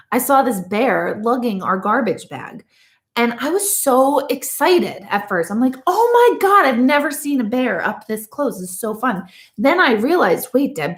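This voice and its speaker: Chatty woman medium in an echoey room. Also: mid-range voice. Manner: chatty, rambling storyteller with lively asides. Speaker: medium reading viewer comments. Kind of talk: casual livestream chat.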